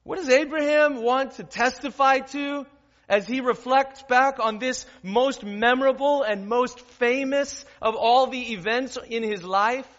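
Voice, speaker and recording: Pastor guy preaching real slow w/ big pauses, high voice, dull recording echoing round a church hall. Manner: emphatic preaching with dramatic pauses, swinging from loud to hushed. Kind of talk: sermon.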